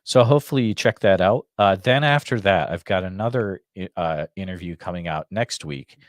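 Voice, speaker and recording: Man, live podcast host, very low voice, dry close sound, slight Massachusetts accent, loose rambling chat full of ums. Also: moderate pace, no echo. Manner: rambling with many fillers and restarts. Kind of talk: casual live-stream chat.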